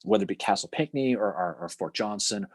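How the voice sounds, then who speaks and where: A man with a low, slightly husky voice talks history in a loose, rambling way, often breaking into laughter. His pitch swings widely as he restarts his sentences. The sound is dry and close. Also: expressive, fast talker, no echo. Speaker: podcast co-host. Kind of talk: casual history chat.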